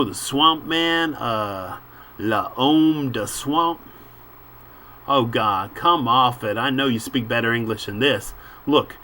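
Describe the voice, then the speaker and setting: A squeaky, pushy little newspaper photographer , as a man reading a comic puts him on, wheedling and greedy for a story. His voice sits well above a normal man's and comes on loud and bright. He keeps throwing in clumsy French. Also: exaggerated voice. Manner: wheedling, mangled mock-French. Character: pushy small male newspaper photographer, money-hungry.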